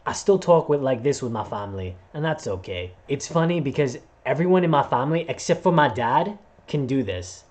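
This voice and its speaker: A man's voice: a little high, a little fast, few pauses. A man and voice actor telling a personal story to camera in a casual vlog, acting out voices as he goes. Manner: animated, acts out voices while telling a story. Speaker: vlogger and voice actor.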